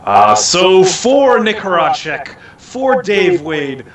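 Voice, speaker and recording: Podcast guy wrapping up the show, kinda high voice, sounds far off in an echoey room. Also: wildly swooping pitch, slow. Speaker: podcast co-host signing off. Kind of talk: casual podcast chat. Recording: echoey, distant audio with music behind.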